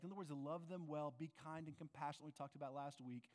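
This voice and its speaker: Pastor guy preaching, earnest, asks the crowd questions, slightly high voice, big echoey church sound. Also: steady tone, fast, hardly any pauses, a little mellow. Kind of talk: sermon. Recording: long reverb of a large hall.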